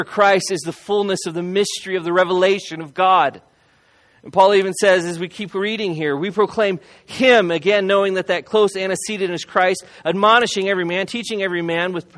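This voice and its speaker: A man preaching a sermon as a pastor, earnest and emphatic, repeating key phrases and slowing down to stress them. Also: sits high, a bit bright.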